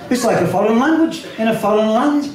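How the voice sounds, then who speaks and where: A man's voice: very high-pitched, expressive, brisk, darkish tone, distant mic. An older man with a Liverpool accent reciting his own rhyming poems live, wry and rhythmic. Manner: rhythmic, wry delivery with spoken asides. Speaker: poet performing his own work. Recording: echoey hall, voice from off-mic.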